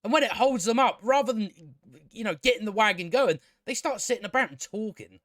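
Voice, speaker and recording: A man's voice: sits high, a little fast, a bit bright, no room sound, clean studio sound. A man casually reviewing a show, exasperated and sweary, rambling with many restarts.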